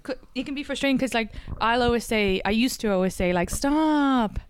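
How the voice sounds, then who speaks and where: Smooth-voiced Irish woman chatting. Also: on the high side. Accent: Irish, Dublin and country mix. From Ireland. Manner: animated storytelling, quick asides and laughs. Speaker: comedian guest. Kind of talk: casual podcast chat.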